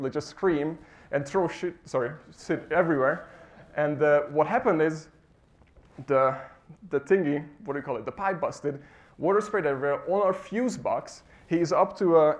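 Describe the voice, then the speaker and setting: A man on a conference stage delivers a motivational talk to a live audience. His voice sits slightly high, and he tells lively stories, acting out the quotes and laughing at his own jokes. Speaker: conference speaker.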